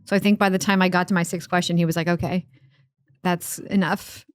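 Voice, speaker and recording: A woman from Northern Ireland with an American accent with Irish traces, a stand-up comedian chatting casually on a podcast, laughing often and telling stories quickly. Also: fairly low pitch, flat delivery, no room sound.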